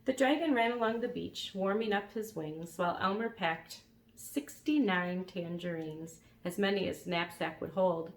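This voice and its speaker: Woman calmly reading a storybook. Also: on the low side, a little slow, a little hiss or hum. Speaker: reader.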